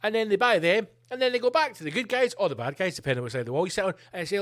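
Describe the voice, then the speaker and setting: A man's voice: high voice, lively intonation, rapid-fire, few pauses, a bit bright. Sweary man ranting on a podcast. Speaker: podcast host.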